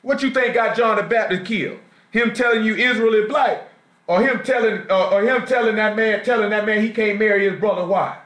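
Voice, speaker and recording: In an echoey church assembly room, a man with a high, brisk, fairly bright voice preaches a sermon in slangy street talk, frequently quizzing the congregation. The live-streamed recording carries his Southern US accent from Jacksonville, Florida.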